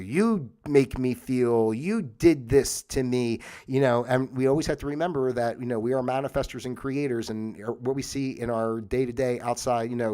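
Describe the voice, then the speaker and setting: A man's voice: medium pitch, a little mellow. Rambling, reflective man hosting a livestream. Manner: rambling, reflective, many fillers and restarts. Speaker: host. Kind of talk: casual livestream monologue.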